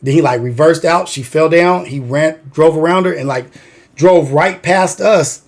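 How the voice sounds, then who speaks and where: A man's voice: fairly high pitch, unhurried. A man hosting a livestream, telling a story in a rambling, profane way with a constant "like". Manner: rambling, profane, heavy use of "like". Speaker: livestream host.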